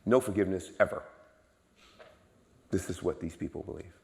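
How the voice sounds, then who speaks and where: A man preaching a sermon in a church, emphatic and repetitive, swinging from low murmurs to loud exclamations. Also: moderate pace, gravelly, big-room sound, a little hiss or hum. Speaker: guest preacher. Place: church sanctuary.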